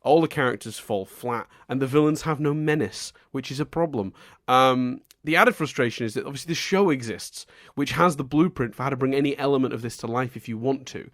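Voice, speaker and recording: A man co-hosting a casual podcast, animated and laughing often as he acts out his exasperated reactions. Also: medium pitch, fairly quick, dry recording, clean studio sound. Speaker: podcast co-host.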